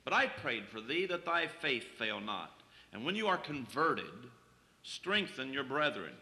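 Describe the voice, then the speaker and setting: A man's voice: mid-range voice, big pitch swings, a little slow, pushed and bright, big-room sound. A man preaching a sermon, reading King James scripture aloud and then explaining it plainly to the congregation.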